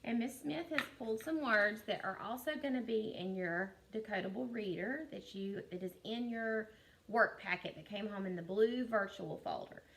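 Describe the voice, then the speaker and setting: A woman teacher giving a recorded phonics lesson to young children, sounding out words slowly and clearly and praising them. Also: medium pitch, fairly bright tone, slight background noise.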